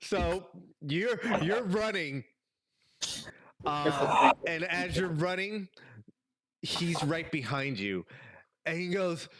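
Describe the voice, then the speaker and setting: A man's voice: a little high, lively intonation, takes it slowly, pauses often, fairly bright tone, slight background noise. A man running a tabletop game as game master, telling the scene in a rambling, profane way and laughing often. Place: home streaming setup.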